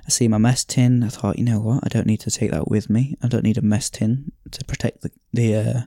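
Low, mellow man telling a story. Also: fairly even intonation, brisk, slightly rough, no room sound, clean studio sound. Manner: reflective, sighs often, many fillers. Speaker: podcast host. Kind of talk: casual storytelling and reading aloud.

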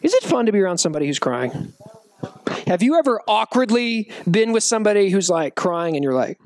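Animated joking male youth pastor. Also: high-pitched, brisk. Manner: animated, joking, acts out quotes. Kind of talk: youth sermon.

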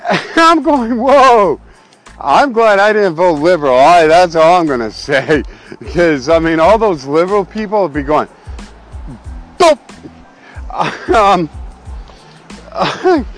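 High, animated man pastor. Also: a little slow, soft background music. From Canada. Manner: excitable, jokey, goes off on tangents. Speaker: pastor and podcast host. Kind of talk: casual rambling monologue.

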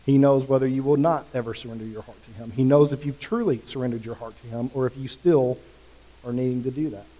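A man preaching a sermon as pastor, with passionate emphasis that swings from quiet to loud. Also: medium pitch, fast talker. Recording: long reverb of a large hall.

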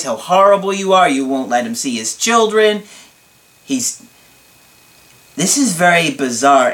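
A man's voice: a little high, a bit bright. A man working as a relationship coach, giving blunt and emphatic advice in a video, with playful asides. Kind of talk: advice video reading and answering a viewer's letter.

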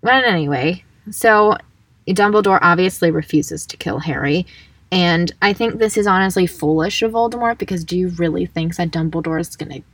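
A woman's voice: on the low side, normal speed, a bit bright, no echo, recorded from a distance. A woman co-hosting a casual podcast chat, retelling events in a playful, sassy way. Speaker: podcast co-host.

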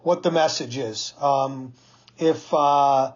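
A man's voice: medium pitch, slow pace. A middle-aged man telling a reflective personal story in a conversational way, with fillers and acted-out dialogue. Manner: conversational, many fillers, acts out quoted dialogue. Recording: echoey, dull lo-fi room recording.

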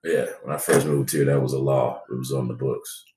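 A middle-aged man with a very deep, low voice tells stories in a relaxed, unhurried way. He slips into lively voices when he quotes people. The room around him is echoey. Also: distant mic, a little hiss or hum. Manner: storytelling, laid-back, quotes people in animated voices. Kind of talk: casual chat.

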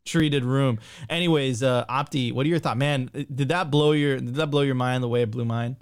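A man hosting a podcast, casual, energetic and slangy, talking straight to his viewers. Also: medium pitch, normal speed, clean tone. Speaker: podcast host. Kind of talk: casual chat.

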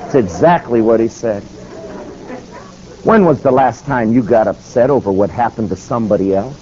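A man preaching, telling a story and acting out the quotes. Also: normal speed. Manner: animated, acts out quotes with shifting pitch. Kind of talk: sermon storytelling. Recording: slightly dull recording with faint noise.

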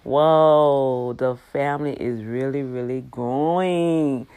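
A woman in her fifties with an animated, exclamatory, preachy manner, talking casually about her faith to her viewers. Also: deep voice, slow. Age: 50s. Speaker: faith vlogger.

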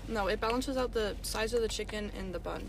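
A woman's voice: medium pitch, fairly quick, creaky, recorded from a distance, a crowd in the background. A woman guest on a casual food review, agreeable and chatty, speaking from a car's back seat. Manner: agreeable, chatty, adds short remarks.

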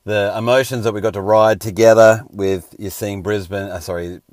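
A man's voice: lowish voice, fairly even intonation, moderate pace, darkish tone, dry recording, clean studio sound. A man hosting a casual sports round-up, a little scratchy and hungover, with wry joking asides. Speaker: host.

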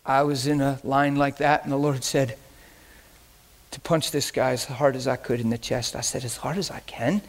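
A man preaching a sermon, telling animated stories and acting out scenes, breaking into laughter, shouts and whispers. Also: mid-range voice, moderate pace. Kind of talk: storytelling sermon.

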